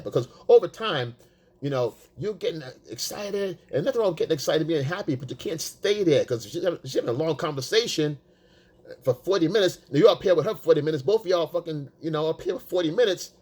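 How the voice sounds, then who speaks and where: A man giving casual, profane dating advice, emphatic and blunt, acting out quotes in a high voice. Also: darkish tone, husky. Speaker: dating coach. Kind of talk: casual coaching monologue.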